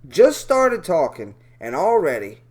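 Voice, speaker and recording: A man rants through chat logs in a profane, rambling commentary. His pitch swings widely and animatedly. He often stops to correct himself. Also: huge pitch swings, unhurried, a little mellow, slightly rough.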